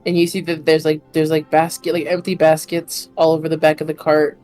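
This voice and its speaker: A woman's voice: deep voice, level tone, brisk, darkish tone, soft background music, poor audio. A woman narrating a tabletop game as game master, rambling with many fillers. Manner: rambling, filler-heavy, giggly.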